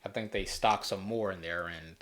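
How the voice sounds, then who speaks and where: A man's voice: deep voice, steady tone, normal speed, a bit bright. A man hosting a casual solo talk show, rambling easily with frequent restarts and fillers. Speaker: podcast host.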